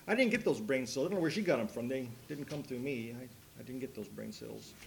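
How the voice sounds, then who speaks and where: A man's voice: mid-range voice, animated, quick pace, creaky, a little hiss or hum. A man leading a Bible study group in a small room, chatting in a folksy, storytelling way before he reads scripture. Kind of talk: casual Bible study talk.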